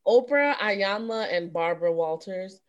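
A woman co-hosting a podcast in casual chat, relaxed and laid-back. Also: mid-range voice, a little slow, highs cut off, slight background noise. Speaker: podcast co-host.

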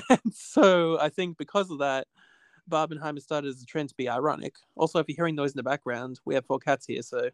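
Man, fairly high smooth voice, rambling casual chat, lots of "basically", dry close sound. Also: a little fast, no room sound. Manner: rambling, repeats "basically", restarts often. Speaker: podcast guest. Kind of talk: casual conversation. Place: home with cats.

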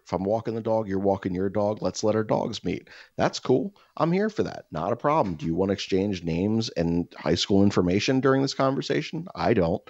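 Deep-voiced man ranting casually. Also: dry recording, muffled recording. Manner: profane, animated storytelling with mimicked voices. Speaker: podcast co-host. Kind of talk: casual chat.

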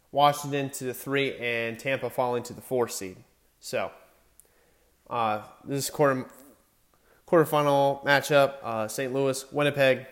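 Young male sports talker, casual and chatty, self-correcting, mid-pitch. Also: a bit bright. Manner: chatty, self-correcting, stumbles over names. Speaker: sports commentator. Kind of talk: casual hockey playoff predictions.

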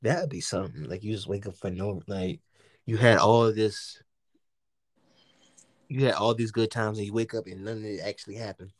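A man from the United States hosting a casual podcast chat, telling stories in an animated way with lots of slang and swearing and acting out what people said. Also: fairly low pitch, normal speed, long pauses, no echo. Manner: animated storytelling, heavy slang and swearing, acts out quotes. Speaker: podcast host.

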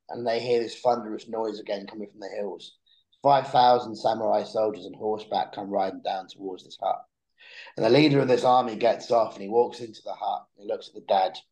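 A young man spins a long story in relaxed conversation, often doubling back on his words. His voice sits low and gravelly, with a mellow, dark tone. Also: low-quality recording. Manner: animated storyteller who repeats words when starting sentences. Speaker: podcast guest.

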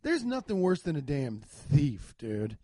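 Young man, slightly higher voice, very dry close sound; loose, cussing storyteller. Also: huge pitch swings, a little slow, mellow, no echo. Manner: profane, rambling, laid-back. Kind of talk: casual comedic storytelling.

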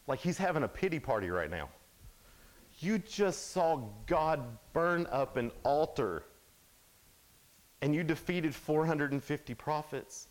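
A man giving a youth sermon, telling a Bible story in an animated, casual way, full of "like" and quick asides. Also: fairly high pitch. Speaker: youth speaker.

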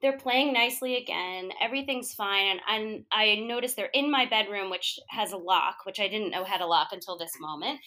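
A woman in her thirties telling a family anecdote in casual chat, animated, acting out the quotes loudly and laughing often. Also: mid-range voice, normal speed, few pauses.

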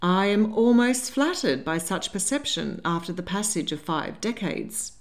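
A woman's voice: mid-range voice, expressive, unhurried. A woman voicing a poised, worldly older grandmother who stays dry and unflappable. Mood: amused. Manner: cool, dry, amused.

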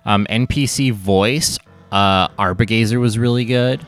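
A man's voice: on the low side, a little slow, a bit bright, faint music behind. A man, the game master of a podcast, chatting casually and thinking aloud with fillers.

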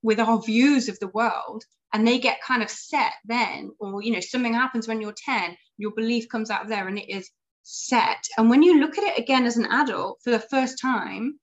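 Higher-voiced woman host, muffled sound. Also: normal speed. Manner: reflective, sums up the guest's points. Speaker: podcast host. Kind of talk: casual podcast interview.

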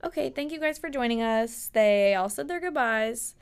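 A woman's voice: a little high, lively intonation, normal speed, clear, resonant tone. A young woman hosting a podcast, casually reading fanfiction aloud with playful quote voices. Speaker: podcast host.

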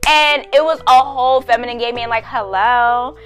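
A young adult woman hosting a podcast, telling a story in a casual, profane, slangy way and laughing loudly, with faint music behind her. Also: a little high, fairly even intonation, quick pace. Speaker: podcast host.

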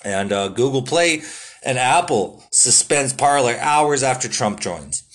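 A man talks through his podcast in a loose, rambling way. He swears in nearly every sentence and leans on fillers like "you know" and "um". His voice sits at an ordinary middle pitch. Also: animated, measured pace, fairly bright tone. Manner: laid-back, swears constantly, lots of fillers. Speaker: podcast host. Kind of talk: casual solo podcast talk.

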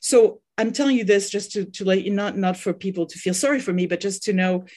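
A woman's voice: mid-range voice, brisk, darkish tone. A middle-aged woman from France with a French accent, a parenting coach speaking as a podcast guest. She talks earnestly and often repeats words while finding her thought. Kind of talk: podcast interview.

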